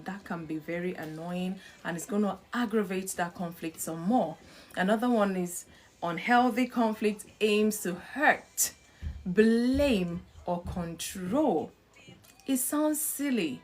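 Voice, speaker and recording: A middle-aged woman hosting a live talk on marriage, animated, acting out short quoted exchanges and laughing between points. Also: mid-range voice. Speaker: host.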